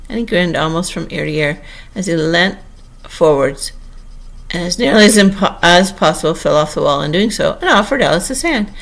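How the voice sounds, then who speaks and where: A woman narrating a classic children's storybook as an audiobook, in a lively storytelling manner. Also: lowish voice, moderate pace, gravelly. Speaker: audiobook reader.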